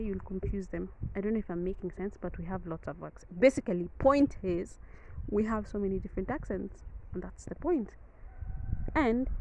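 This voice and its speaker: A woman's voice: medium pitch, dark tone, rough recording. A woman with a Kenyan accent, hosting a podcast outdoors in a rambling, chatty way that keeps correcting itself. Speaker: podcast host. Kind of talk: casual podcast monologue. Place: outdoors in the wind. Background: wind noise.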